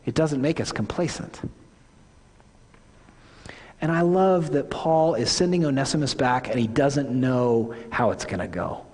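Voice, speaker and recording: Husky-voiced man preaching in a reverberant church. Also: mid-range voice, darkish tone. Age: 40s. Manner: conversational, self-correcting, earnest. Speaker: lead pastor. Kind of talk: sermon. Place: church sanctuary. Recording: long hall reverb.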